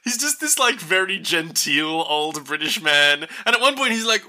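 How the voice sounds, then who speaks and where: Lively high-voiced man recapping a movie. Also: moderate pace, few pauses. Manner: animated, swears often, laughs a lot. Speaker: podcast co-host. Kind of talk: casual movie recap chat.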